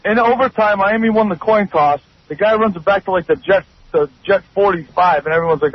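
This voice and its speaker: A man excitedly recapping a football game on talk radio. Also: high-pitched, a little fast, dry recording. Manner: excited storytelling. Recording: dull lo-fi radio broadcast.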